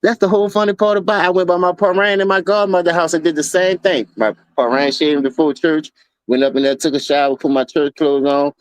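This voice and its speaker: A slightly high, clean voice with fairly even intonation belongs to a man hosting a casual basketball chat stream, where he debates sports and calls himself an OG. He talks fairly quickly, telling loose, profane, slang-heavy stories and saying "you feel me" again and again, with no room sound.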